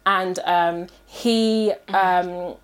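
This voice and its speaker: A woman's voice: very slow, clean tone. A woman, animatedly telling a story in casual chat and acting out the people in it. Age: 30s. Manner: animated, acts out quotes in high voices.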